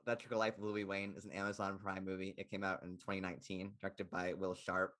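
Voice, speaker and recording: A man's voice: sits low, level tone, fast, a bit bright. A young man co-hosting a casual film podcast, rambling with lots of "like" fillers. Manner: rambling, heavy use of "like" fillers. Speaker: podcast co-host.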